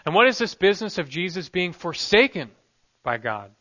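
A man preaching an expository sermon as pastor, earnest and emphatic, often letting the ends of his phrases drop soft. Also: high voice, very animated, normal speed. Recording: dull lo-fi recording.

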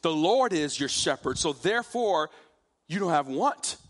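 Male preacher, fairly high voice, slow deliberate delivery, emphatic sermon style. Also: expressive. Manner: slow, emphatic preaching, drawing out key phrases.

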